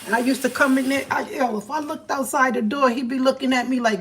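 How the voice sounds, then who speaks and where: A woman with tells a story on her livestream in an animated, profane way. Her voice sits a little high, and she acts out each person she quotes. Faint background noise hums under her. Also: moderate pace, rough recording. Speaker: livestream host. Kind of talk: casual storytelling.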